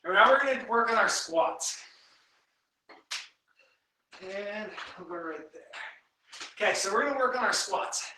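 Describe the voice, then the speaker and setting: A man's voice: sits high, lively intonation, a little slow, long pauses, pushed and bright, far from the mic, slight background noise. A man who works as a strength coach, leading a live workout at home and counting reps aloud while he explains form step by step. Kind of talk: live guided workout instruction. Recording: very echoey room, voice from away from the mic.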